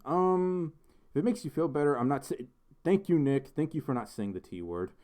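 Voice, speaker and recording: A man's voice: on the high side, expressive, moderate pace, darkish tone. Giggly, rambling young male streamer. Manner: rambling, giggly, lots of ums and restarts. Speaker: livestream host. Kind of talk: casual livestream chat reading viewer messages.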